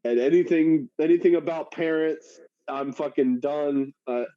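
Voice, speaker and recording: A man's voice: a little high, measured pace, no room sound. A man co-hosting a podcast, chatting casually, swearing freely and laughing as he retells stories. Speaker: podcast co-host. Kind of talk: casual chat. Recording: muffled, dry.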